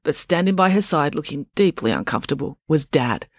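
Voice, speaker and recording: A woman reading a children's story aloud in a lively, playful narration. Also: deep voice, a little fast, slightly rough, no room sound, studio quality. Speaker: audiobook narrator. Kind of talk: scripted narration.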